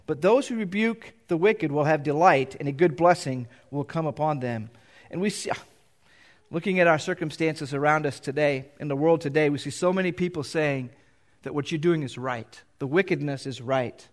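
A middle-aged pastor preaching in a church, reading scripture aloud and explaining it in a loose, conversational way. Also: male voice, on the high side. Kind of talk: sermon. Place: church sanctuary.

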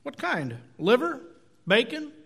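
A man's voice: extremely high pitch, wildly swooping pitch, takes it slowly, creaky, fairly bright tone, husky, voice pushed up, heavily acted. A male preacher voicing a surprised, chatty butcher in a told joke, lifting his voice for the part. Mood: eager.

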